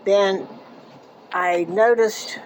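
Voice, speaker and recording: An older woman of middle pitch tells a childhood memory in a loose, unscripted way. She stops and restarts often and lets phrases fade into softer asides. A faint hiss sits under her voice. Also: steady tone, low-quality recording. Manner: halting, with restarts and trailing off into quieter asides. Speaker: eyewitness recounting a childhood memory. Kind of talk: casual personal storytelling.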